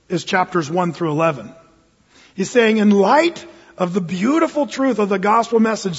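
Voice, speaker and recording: Man, high voice, husky, earnest emphatic preaching, dull recording, long hall reverb. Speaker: pastor. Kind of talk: sermon.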